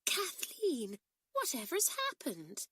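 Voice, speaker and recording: Lady doing an earnest schoolgirl twin, coaxing, higher than the narration, storybook. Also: wildly swooping pitch, slow, bright, forceful tone, dry recording, clean studio sound, full character voice. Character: warm-hearted schoolgirl twin.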